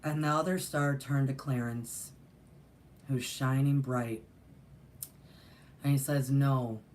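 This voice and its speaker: A woman's voice: very deep voice, steady tone, slow, a little mellow, slight background noise. A middle-aged woman telling a personal story in a rambling, earnest way, with many fillers and restarts. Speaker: spiritual teacher and channel host. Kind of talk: casual storytelling monologue.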